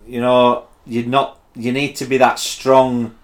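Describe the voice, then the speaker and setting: Guy, rambly and halting, says like a lot, middle pitch. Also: flat delivery. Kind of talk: casual chat.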